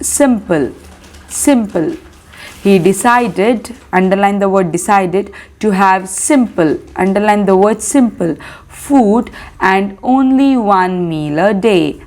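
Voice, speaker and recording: Female teacher, Indian English accent, very slow, careful delivery, reads a lesson aloud to young pupils. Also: mid-range voice, darkish tone. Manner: slow, deliberate reading with repeated instructions. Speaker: primary school teacher. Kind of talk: online class reading lesson aloud.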